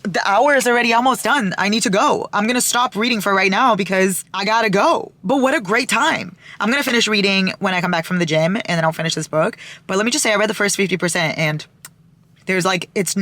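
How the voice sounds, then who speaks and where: A young woman vlogging about her reading, chatty and animated, swearing freely as she rants. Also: medium pitch. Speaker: book vlogger. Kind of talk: casual reading vlog chat.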